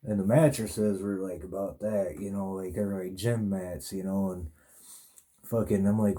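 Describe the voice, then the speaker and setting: A man with a very dark, mellow voice and a fairly low pitch tells a rambling story as a podcast host. He talks in a laid-back way, swearing freely and padding his lines with fillers. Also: steady tone, measured pace.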